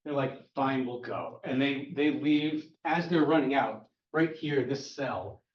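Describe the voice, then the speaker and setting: A podcast host recaps a comic book plot, his medium-pitched voice moving at a measured pace. He's chatty and wry, speeding through the story points. The mic sounds dull and distant in a roomy space.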